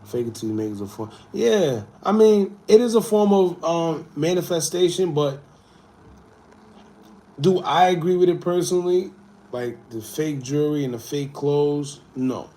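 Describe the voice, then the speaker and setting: A man's voice: fairly high pitch, unhurried. Laid-back man chatting on a livestream. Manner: laid-back, animated, swings between loud and muttered asides. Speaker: livestream host. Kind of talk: casual livestream chat reading comments.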